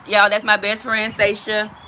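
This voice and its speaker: Woman livestream host, bright forceful voice, chatty, outdoors, faint noise behind. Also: medium pitch, completely flat delivery, moderate pace. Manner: chatty, addresses viewers directly. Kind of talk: casual livestream chat.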